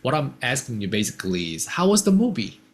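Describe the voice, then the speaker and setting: A man's voice: mid-range voice, sing-song, fast. A man teaching a casual one-on-one English lesson, patiently explaining simple words.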